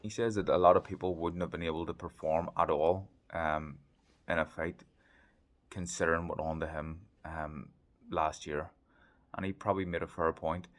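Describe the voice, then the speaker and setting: A man's voice: low-pitched, steady tone, moderate pace. A man giving a casual vlog recap of a boxing fight from a hotel room, chatty and thinking aloud with lots of ums. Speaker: boxing pundit.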